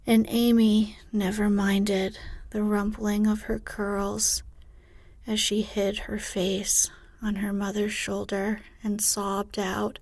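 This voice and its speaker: A woman reading a bedtime story in a soft, unvoiced whisper, close to the mic. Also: mid-range voice, little pitch movement, slow pace, no echo.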